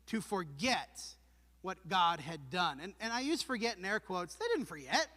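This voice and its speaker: A man with a high, bright, forceful voice preaches an earnest, emphatic sermon. He asks his listeners pointed questions. His words ring through a church with a long hall reverb. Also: sing-song, moderate pace. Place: church sanctuary.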